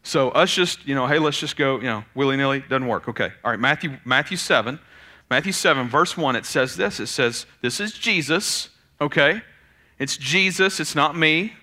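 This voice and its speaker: A man, preaching a sermon in an animated, conversational way. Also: medium pitch, moderate pace. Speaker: pastor.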